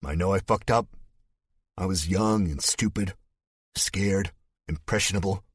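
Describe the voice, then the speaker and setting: A gruff young army veteran, the narrator's older brother, as a man puts him on, speaks bluntly and runs himself down in an audiobook. The voice sits very low with a husky edge. The sound is dry and close. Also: a little slow, no room sound. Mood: remorseful. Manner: blunt, self-deprecating.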